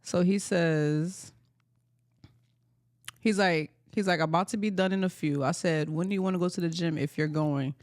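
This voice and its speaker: A woman's voice: lowish voice, steady tone, moderate pace, a little mellow, no echo, clean studio sound. A woman co-hosting a casual podcast, teasing her friend and telling stories. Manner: playful, teasing storyteller. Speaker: podcast co-host. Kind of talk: casual chat.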